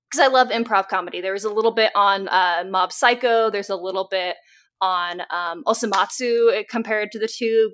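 A woman's voice: medium pitch, a bit bright. A young woman co-hosting a podcast, rambling enthusiastically and swearing casually. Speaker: podcast co-host.

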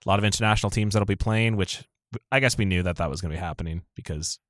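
A man's voice: deep voice, very fast, dry recording, studio quality. A young man with a Canadian accent hosting a casual sports podcast, teasing his co-hosts with jokey banter. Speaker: podcast host.

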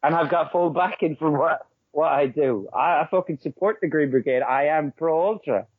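A man's voice: a little high, husky, no echo. A man, talking brashly and swearing a lot in a casual podcast chat. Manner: brash, sweary, fast and animated. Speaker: podcast guest. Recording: tinny call line, dry.

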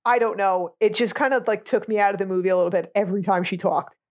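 A woman's voice: mid-range voice, quick pace, a little mellow. A woman co-hosting a podcast, chatting casually about a movie in a blunt, sarcastic, sweary way. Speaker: podcast co-host.

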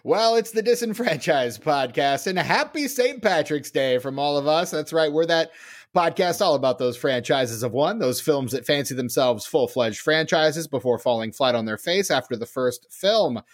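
A man's voice: on the high side, normal speed. A man hosting a casual film podcast, joking and punning as he talks. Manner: jokey, punning, animated. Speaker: podcast host.

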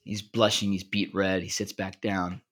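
Low-voiced man telling a joke. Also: moderate pace. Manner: animated joke-telling with fillers and restarts. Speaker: podcast co-host. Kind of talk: casual chat, storytelling.

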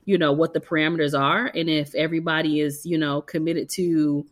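A woman co-hosting a podcast, explaining health advice in a measured way and chatting casually. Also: low-pitched, fairly even intonation. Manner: measured, advisory. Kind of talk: casual chat.

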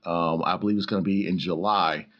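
Man, boxing guest, lowish voice, relaxed, joking storyteller, slightly muffled audio. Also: fairly quick. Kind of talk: casual sports podcast chat.

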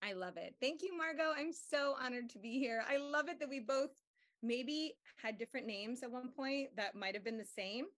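A woman's voice: high-pitched, normal speed, a bit bright. A young woman, an author and speaker, chatting as a guest on a podcast in a bubbly way. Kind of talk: casual chat.

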